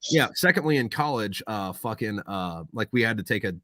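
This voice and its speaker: A man talking as a podcast guest in casual chat, swearing often and rambling through animated stories. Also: on the low side, brisk, dry recording, clean studio sound. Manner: profane, rambling, animated storyteller.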